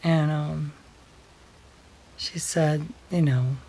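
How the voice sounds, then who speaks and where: A woman telling a personal story in a vlog, soft and hesitant, pausing often with fillers. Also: sits low. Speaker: vlogger.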